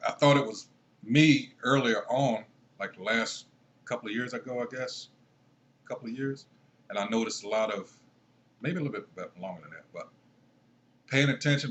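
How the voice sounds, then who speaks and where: A man's voice: mid-range voice, fairly bright tone, slight background noise. A man commenting casually on a video, rambling and trailing off as he searches for things.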